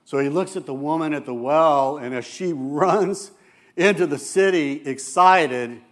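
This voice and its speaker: Earnest and a little slow, a church elder with a slightly high voice preaches a sermon, growing hushed and soft when he speaks gentle quoted words.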